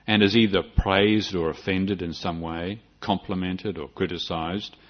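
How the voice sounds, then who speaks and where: Heard on a dull, lo-fi recording, this older Buddhist monk from New Zealand speaks a little slowly in a low, steady voice. His dharma talk is thoughtful, with frequent restarts and a gentle sense of humor.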